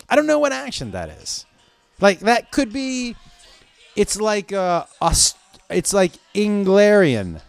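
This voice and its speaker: Animated, profane male podcast host. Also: high-pitched, clean tone, no echo. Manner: loose, profane, rambling riffs. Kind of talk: casual comedic monologue.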